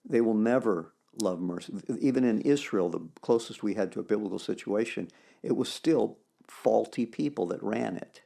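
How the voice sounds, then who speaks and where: A man co-hosting a podcast, talking about faith in an animated, emphatic way and quoting scripture. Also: on the low side, normal speed, creaky. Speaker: podcast co-host. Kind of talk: casual faith discussion.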